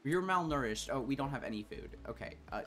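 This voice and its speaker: A man streaming a colony-building game, chatting and reading out game text, quickly exasperated with his colonists, swearing and then apologizing. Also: medium pitch, fairly even intonation, slight background noise. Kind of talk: casual gameplay commentary.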